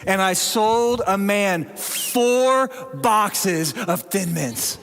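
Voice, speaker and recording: A man's voice: sits high, lively intonation, drawn-out words, gravelly, fairly bright tone, in a large hall, slight background noise, full character voice. A man voicing a proud woman executive. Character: grown woman executive recalling childhood success.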